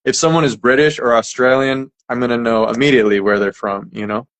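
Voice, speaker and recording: A man with a General American accent talking in an easygoing, chatty way. He fills pauses with ums and likes, often restarting his sentences as he explains, at a medium pitch. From United States. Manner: relaxed, chatty, many fillers and restarts. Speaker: English teacher, guest. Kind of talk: casual conversation.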